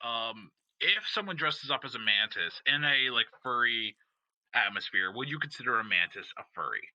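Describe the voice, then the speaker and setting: A man's voice: mid-range voice, animated, normal speed, highs cut off. Swearing young man telling stories. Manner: loud storytelling, heavy swearing, frequent laughs. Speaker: podcast host. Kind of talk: crude casual chat.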